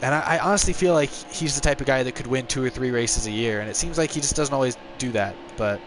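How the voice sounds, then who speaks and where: A man's voice: medium pitch, fast, over music. A tired young man chatting casually with viewers while he streams a racing game on a headset mic. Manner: relaxed, rambling, answers viewer chat. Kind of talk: casual live-stream chat.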